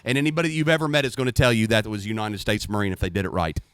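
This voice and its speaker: A middle-aged man, a retired Marine, co-hosting a casual podcast chat with profane, animated storytelling. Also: fairly low pitch, very fast, clean tone, no echo. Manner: profane, animated, acts out shouting.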